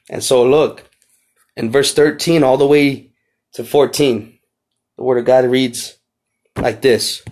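Male podcast preacher, mid-pitched, impassioned, repeats lines for emphasis. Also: steady tone, moderate pace. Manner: impassioned, rising to near shouts when reading scripture. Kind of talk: podcast sermon.

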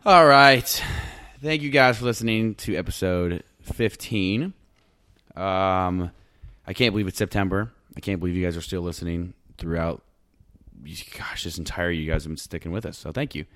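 A man's voice: low-pitched, normal speed, a bit bright, no echo, studio quality. A young man co-hosting a podcast, chatting casually, joking and laughing a lot. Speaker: podcast co-host. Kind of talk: casual chat.

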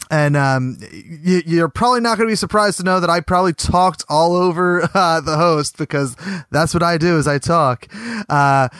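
A man's voice: a little high, a bit bright, smooth, no echo. A man hosting a casual podcast chat, rambling along with lots of fillers and restarts. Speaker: podcast host.

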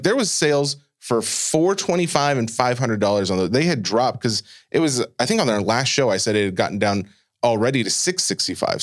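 A man in his thirties co-hosting a podcast, teasing and laughing easily in casual chat. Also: mid-range voice. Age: 30s. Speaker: podcast co-host.

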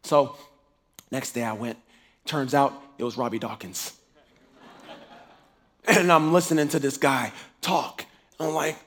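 A man telling his faith testimony in a lively, animated way, acting out dialogue and laughing as he goes. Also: medium pitch, slow pace, pauses often.

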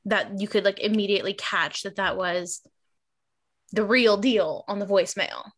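A woman's voice: mid-range voice, normal speed. A woman co-hosting a podcast in casual chat, talking things through with examples. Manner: chatty, explains with examples. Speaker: podcast co-host.

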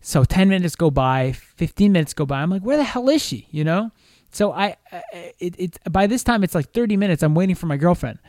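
A young man on a podcast telling a long, animated story in casual chat, swearing freely and restarting his sentences often. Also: high-pitched, brisk, no room sound, clean studio sound. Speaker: podcast co-host.

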